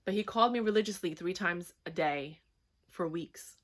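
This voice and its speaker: This woman in her thirties has a lowish voice at normal speed. As a vlogger she tells a personal story candidly and ramblingly, packed with filler words and swearing.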